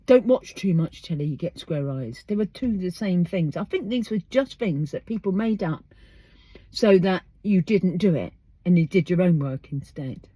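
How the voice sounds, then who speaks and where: With a lowish, warm voice that has a breathy edge, this English podcast host talks at a normal pace and sounds animated. She's outdoors, chatting emphatically in a casual monologue peppered with rhetorical questions, on a dry recording.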